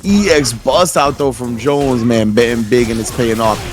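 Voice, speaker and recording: Brief: American male caster, mid-pitched, easygoing play-by-play. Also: normal speed, music in the background. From United States. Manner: laid-back, laughing play-by-play. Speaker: esports commentator. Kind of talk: casual esports commentary.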